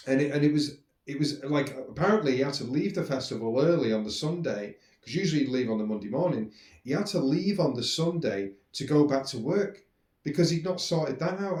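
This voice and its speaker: Man telling stories in a roomy echo. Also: medium pitch. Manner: rambling, animated, swears, acts out quoted speech. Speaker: podcast host. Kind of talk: casual storytelling monologue.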